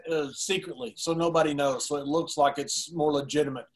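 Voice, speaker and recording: Animated storytelling man, fairly high voice. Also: brisk. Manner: animated, laughs through his story. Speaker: guest. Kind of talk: storytelling in a podcast interview.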